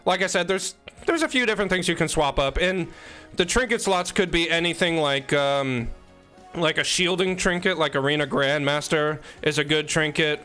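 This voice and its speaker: Young male streamer, slightly high, bright voice, rambling jokey chat. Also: moderate pace, faint music behind. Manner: joking, teasing chat, rambling asides. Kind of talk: casual live-stream chat. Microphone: desk microphone.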